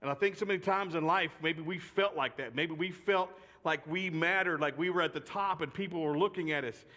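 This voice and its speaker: A man's voice: on the high side, a little fast, pushed and bright. A man giving a chatty, joking youth sermon full of personal stories, repeating phrases for effect. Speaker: youth speaker. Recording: long reverb of a large hall.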